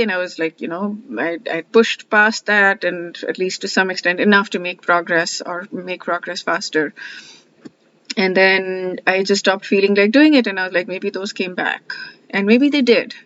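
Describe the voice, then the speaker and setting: A woman with a medium-pitched, fairly bright voice, a vlogger studying scripture, talks through her thoughts in a reflective personal vlog. She's rambling, heartfelt, and self-questioning, with frequent fillers and restarts, often quoting her own thoughts, on slightly dull lo-fi audio.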